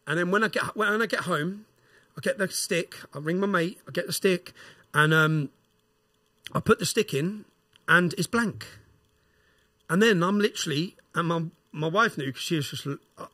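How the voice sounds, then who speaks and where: In clean studio audio with no room sound, a middle-aged podcast guest with an English accent tells a story and rants forcefully, repeatedly hitting the listener with "yeah?". His high-pitched voice sounds pushed and bright, moving at a moderate pace.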